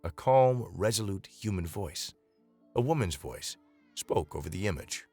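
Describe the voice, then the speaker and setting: A man narrating a dramatic science-fiction story in a measured reading voice. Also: deep voice, lively intonation, mellow, husky, faint music behind.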